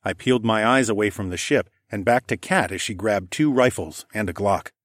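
Low-voiced man narrating calmly. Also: moderate pace, dry recording, studio quality. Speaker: audiobook narrator. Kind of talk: first-person audiobook narration.

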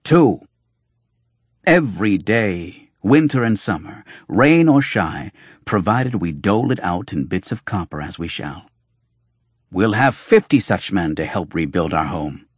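A man's voice: deep voice, animated, moderate pace, husky, no echo, studio quality. A man voicing a sly, fox-faced male doctor and showman, who talks with wry, mocking ease in an audiobook reading. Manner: wry, mocking, flowing speech.

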